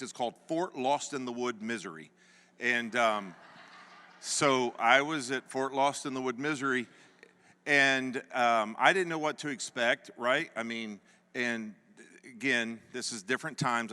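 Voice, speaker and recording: A man's voice: medium pitch, bright, forceful tone, clean tone. A man in his fifties preaching a sermon, telling a personal story in a folksy way with frequent laughs and repeated phrases. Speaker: pastor. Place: church sanctuary. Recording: long hall reverb.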